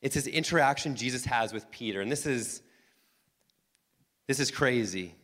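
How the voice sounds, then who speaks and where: A man's voice: mid-range voice, moderate pace, fairly bright tone. Man preaching in a reverberant church. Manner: emphatic, repetitive preaching. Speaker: pastor. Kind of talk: sermon. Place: church sanctuary. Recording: long hall reverb with band music.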